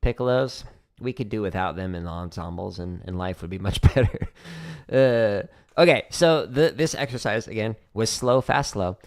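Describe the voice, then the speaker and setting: A man's voice: on the low side, normal speed. A man hosting a casual livestream Q&A from his home drum studio, explaining rudiments between practice runs and laughing easily. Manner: relaxed, laughs often, hums drum patterns. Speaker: drumming teacher streaming practice.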